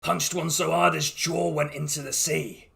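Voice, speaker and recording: A man's voice: fairly high pitch, flat delivery, normal speed, vocal fry, a crowd in the background. A man narrating a tabletop game as game master, in an amused, rambling way with frequent restarts.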